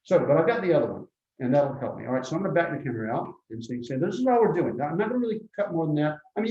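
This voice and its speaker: A man teaching a hands-on art lesson in a warm, mellow voice, talking through each step as he goes. He keeps checking in with his viewers with a quick "okay?". The sound is dull and lo-fi, with a roomy echo around him. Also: mid-range voice. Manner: thinks aloud, often checks in with "okay?". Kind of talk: live demonstration lesson.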